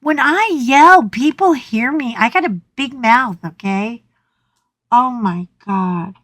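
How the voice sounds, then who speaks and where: A woman's voice: on the high side, slow, no room sound. A middle-aged woman hosting a casual chat, telling a story dramatically with yelps and swearing. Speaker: coloring channel host.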